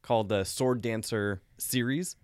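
Male podcast co-host, amused and animated, mid-pitched, dry recording. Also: unhurried, dry recording. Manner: animated, laughing, amused asides. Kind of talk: casual film chat.

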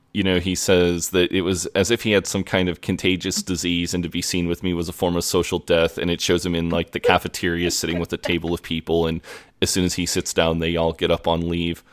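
A man with a very low voice retells scenes from a TV episode on a podcast. He speaks in a relaxed, easygoing way and often breaks into laughter. His tone stays casual throughout. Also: a little fast. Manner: relaxed storytelling, laughs easily. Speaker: podcast co-host.

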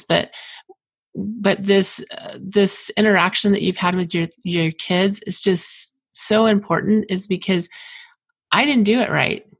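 A woman's voice: medium pitch, gravelly, breathy edge, no room sound. A middle-aged woman hosting an interview, speaking candidly and reflectively about her own parenting. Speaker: host. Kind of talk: interview talk.

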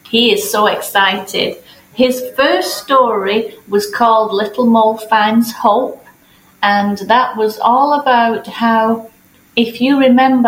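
A woman children's book author talking about her books in an interview, in a storytelling tone. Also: medium pitch. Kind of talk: casual interview. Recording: roomy recording with faint background noise.

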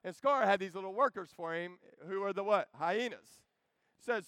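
A man in his thirties preaching a joking, animated sermon that calls out to the crowd. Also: high-pitched, moderate pace, clean tone, no echo. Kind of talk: energetic camp sermon.

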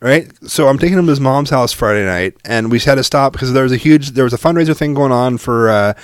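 A middle-aged man from Oregon rattles off a profane, animated family anecdote at a brisk clip. He sounds close and dry on the mic, with an ordinary middle pitch. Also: clear, resonant tone, no room sound. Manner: profane, animated, lots of fillers. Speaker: podcast co-host. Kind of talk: casual storytelling chat.

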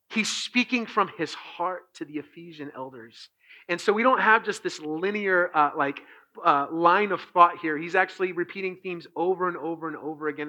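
A man preaching a sermon as pastor, moving between hushed, slowed passages and loud, impassioned ones. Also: sits high, rough recording.

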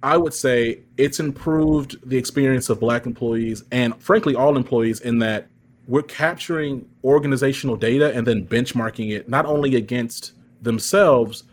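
Casting: man in his 30s, interview guest, emphatic storyteller, mid pitch, heard over a video call. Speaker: guest speaker. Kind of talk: conversational interview answer.

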